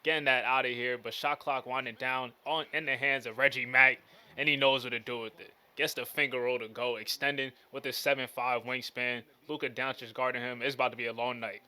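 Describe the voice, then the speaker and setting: A man's voice: medium pitch, steady tone, a little fast, pushed and bright, clean tone. A man giving casual, slangy play-by-play commentary over a basketball video game. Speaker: gaming commentator.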